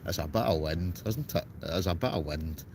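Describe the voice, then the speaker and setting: Sheltering in a tent on a stormy night outdoors, a Scottish livestream host with an Ayrshire accent chats casually and answers viewers by name as he reads their comments. His voice is deep and brisk, with noise in the background.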